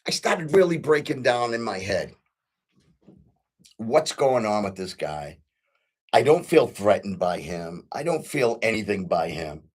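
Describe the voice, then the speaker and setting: A man's voice: fairly low pitch, very animated, measured pace, slightly rough. Earnest middle-aged man telling a story. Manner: earnest, repeats himself, frequent ums and restarts. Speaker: podcast host. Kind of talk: casual storytelling monologue.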